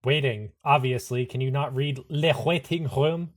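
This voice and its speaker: Man player, tabletop role-play, sarcastic banter, mid pitch. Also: moderate pace.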